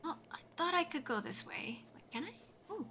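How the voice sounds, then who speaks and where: A woman's voice: sits high, very animated, normal speed, vocal fry, bright, forceful tone, a little hiss or hum. A woman streamer chatting casually while she plays, giggly and rambling, full of "like" fillers. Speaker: game streamer. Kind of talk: casual live-stream chat while playing.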